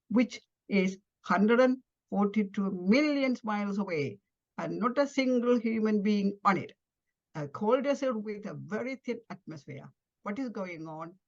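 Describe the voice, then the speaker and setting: A woman with a Tamil-influenced English accent reads her own first-person tale, speaking at a middling pitch. She throws herself into the quoted lines, sounding startled and pleading by turns. The recording is a little muffled and lo-fi. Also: darkish tone. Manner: dramatic, voices quoted dialogue with rising emotion. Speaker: storyteller reading her own story. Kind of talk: first-person story reading. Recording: slightly dull lo-fi audio.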